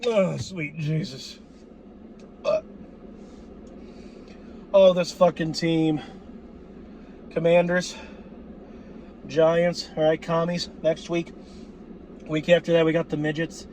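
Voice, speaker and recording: A man ranting as a sports fan vlogger, cursing freely and breaking into shouts, his voice going hoarse. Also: a little high, little pitch movement, slow, pauses often, a little hiss or hum. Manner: fired-up, cursing, shouting outbursts. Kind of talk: profane fan rant.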